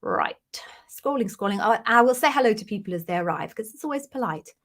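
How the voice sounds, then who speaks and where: A woman's voice: fairly high pitch, expressive, quick pace. A middle-aged British woman talks through a live-stream Q&A, coaching candidates for job interviews. She is chatty and effusive, greeting viewers by name with bursts of enthusiasm. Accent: British English. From Britain.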